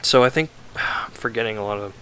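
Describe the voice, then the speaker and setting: A man's voice: fairly low pitch, quick pace, bright, forceful tone, slight background noise. A man giving a rambling, sarcastic, casual game review, swearing often and filling his talk with "like".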